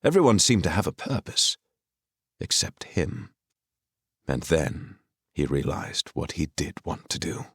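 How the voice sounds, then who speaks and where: A man narrating a fantasy audiobook with expressive storytelling on a close studio mic. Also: extremely low pitch, unhurried, long pauses, husky, no room sound. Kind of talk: scripted narration.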